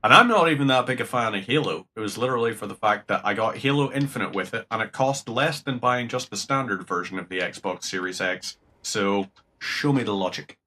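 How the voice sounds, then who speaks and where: A man's voice: lowish voice, fairly quick, bright, forceful tone, a little hiss or hum. A young man with a Northern Irish accent chatting casually and rambling while he streams a game, swearing now and then. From Northern Ireland. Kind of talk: casual gameplay chat.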